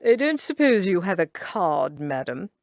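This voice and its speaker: A woman reading an audiobook, voicing a formal male butler in a low, dry and clipped voice. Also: sing-song, unhurried, no room sound. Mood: stiff.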